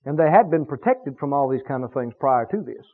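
A man preaching a sermon, emphatic and animated, stretching key words for effect. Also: medium pitch, brisk, breathy edge. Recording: tinny phone-like radio broadcast.

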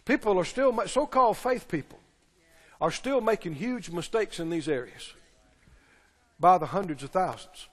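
A man preaching a sermon, alternating shouted, slowly stressed lines with quiet mimicry of pleading believers. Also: expressive. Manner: preaching with shouted emphasis and slow, drawn-out stresses; mimics pleading believers in low, soft voices. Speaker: pastor. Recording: long church reverb.

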